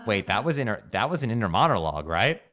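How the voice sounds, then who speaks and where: A man reading game dialogue aloud during a playthrough, swinging between loud outbursts and low mutters. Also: big pitch swings, fast talker.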